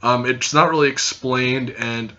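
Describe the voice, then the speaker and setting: A young man hosting a casual vlog review, hyper and loud, rambling and swearing freely. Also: mid-range voice, steady tone, measured pace. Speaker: host and reviewer. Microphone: camera recording. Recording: dull lo-fi sound.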